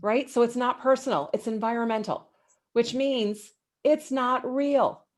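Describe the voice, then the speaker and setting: A middle-aged woman, an executive guest, giving motivational advice in an interview with emphatic, animated delivery. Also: a little slow. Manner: emphatic and animated, with big swings in pitch.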